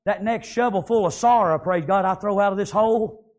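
A man preaching a revival sermon in a strikingly high voice. He swings from ordinary talk into fervent shouts, and scatters "praise God" and "amen" between his phrases. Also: brisk. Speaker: pastor.

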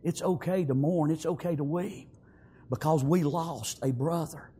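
A man preaching an emotional funeral sermon in a church, repeating himself and halting, then swelling into tearful, emphatic exclamations. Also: on the high side, warm tone, a little hiss or hum. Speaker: pastor at a memorial service. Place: church sanctuary.

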